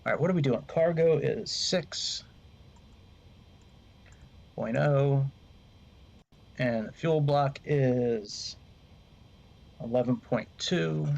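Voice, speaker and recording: A man's voice: medium pitch, slow pace, vocal fry, long pauses, darkish tone. Profane, rambling male streamer, muffled mic. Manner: rambling, swears freely, talks to chat. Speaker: flight sim streamer. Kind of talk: casual gameplay commentary.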